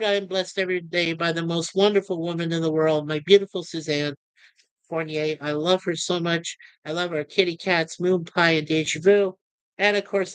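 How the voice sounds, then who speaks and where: A man's voice: high voice, a bit bright, clear, resonant tone, dry recording. A middle-aged man hosting a livestream, chatting casually and rambling as he reads viewer comments. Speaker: livestream host.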